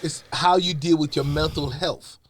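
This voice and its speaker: A man's voice: fairly high pitch, fairly even intonation, moderate pace, slight background noise. A man, co-hosting a podcast and arguing back playfully in casual banter. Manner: argumentative, playful. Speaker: podcast co-host.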